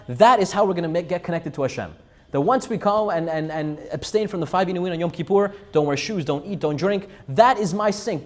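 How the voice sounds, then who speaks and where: Fast-talking man giving a sermon. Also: high voice. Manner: animated, emphatic, repetitive. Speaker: Jewish speaker. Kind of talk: storytelling sermon.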